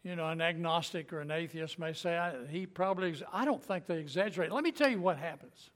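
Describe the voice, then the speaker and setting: This man's fairly high voice moves fast as he teaches a Bible story in a folksy, chatty manner. The retelling is lively, full of acted-out quotes and his own chuckles.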